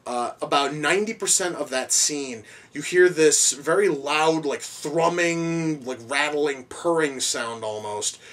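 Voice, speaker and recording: A man's voice: a little high, measured pace, hardly any pauses, fairly bright tone, recorded from a distance. A man giving a casual spoken film review, rambling with frequent restarts, repeated words and swearing. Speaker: movie reviewer.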